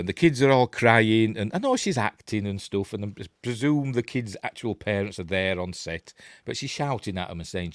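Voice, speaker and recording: Yorkshire male host, low-ish voice, dry close sound, rambling chatty film commentary. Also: no echo. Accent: Yorkshire English. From Yorkshire, England. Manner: rambling and chatty, quick asides and chuckles. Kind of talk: casual film breakdown commentary.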